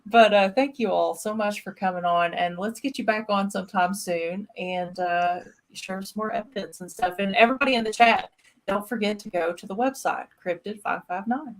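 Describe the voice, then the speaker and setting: A woman's voice: mid-range voice, moderate pace. A woman hosting a paranormal livestream, talking in a friendly, enthusiastic, casual way. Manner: friendly, enthusiastic, laughs easily. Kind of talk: casual interview and livestream chat.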